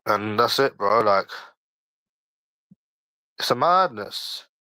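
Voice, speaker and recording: A man's voice: on the low side, lively intonation, slow pace, pushed and bright, no room sound, rough recording. A young man in his early twenties with a London accent, hosting a casual livestream and answering chat in a defensive, argumentative, slangy way that keeps repeating points. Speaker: livestream host.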